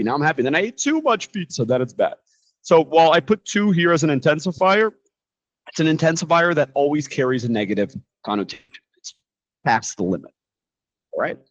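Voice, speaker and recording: Animated man teaching English, dull dry sound. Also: medium pitch, no echo. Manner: lively, joking, animated explanations. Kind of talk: casual online English lesson.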